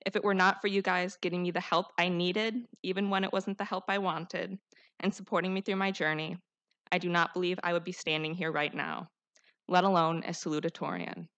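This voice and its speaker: A woman's voice: fairly low pitch, level tone, a little fast, a bit bright, lo-fi sound. A teenage girl, the class salutatorian, giving an earnest, heartfelt and rousing graduation speech at a podium microphone. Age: teens. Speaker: student speaker, salutatorian.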